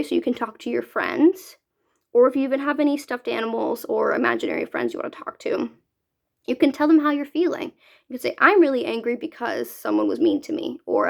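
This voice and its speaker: A woman's voice: on the high side, gravelly. A young woman from Canada, a youth mentor, talking casually to kids about feelings and often asking "right?". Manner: chatty, keeps asking "right?". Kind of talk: casual talk to children.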